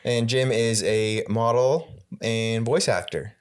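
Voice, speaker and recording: A man's voice: mid-range voice, slow pace, clear, resonant tone. A man co-hosting a podcast in casual chat, laid-back and teasing, in a studio. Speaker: podcast co-host. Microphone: studio microphone.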